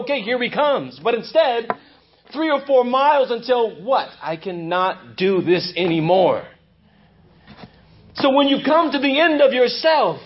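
A male pastor preaching a sermon, swinging between loud emphasis and hushed intensity. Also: very high-pitched, highs cut off. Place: church.

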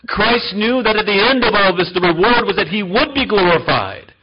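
A male pastor preaching a sermon in an emphatic style that swings between loud and soft. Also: sits high, lively intonation, moderate pace, hardly any pauses, muffled recording, slight background noise.

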